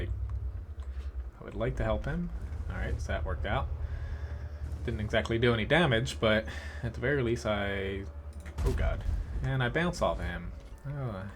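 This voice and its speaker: A man with a fairly low voice talks through a live match as he plays, relaxed and thinking aloud with the odd filler and chuckle. A faint hiss sits under the recording. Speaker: game streamer. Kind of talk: live gameplay commentary.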